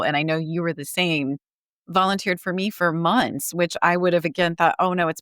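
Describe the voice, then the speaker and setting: A woman's voice: low-pitched, fairly bright tone, no echo, clean studio sound. A woman hosting a podcast, talking casually and chattily with frequent fillers. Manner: chatty, lots of "like" and "you know". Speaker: podcast host.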